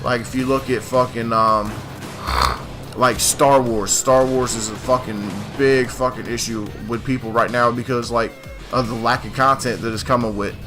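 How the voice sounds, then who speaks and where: A man's voice: medium pitch, fairly even intonation, moderate pace, music in the background. A man ranting casually over gameplay as a gaming channel host, swearing constantly and rambling with lots of "like" and "dude". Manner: profane, rambling, frequent "like" and "dude". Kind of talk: casual gameplay commentary rant.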